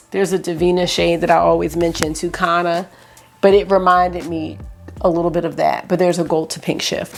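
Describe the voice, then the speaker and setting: A woman vlogger chatting excitedly through a makeup swatch review, rambling with lots of asides. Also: on the low side, gravelly. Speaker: beauty vlogger.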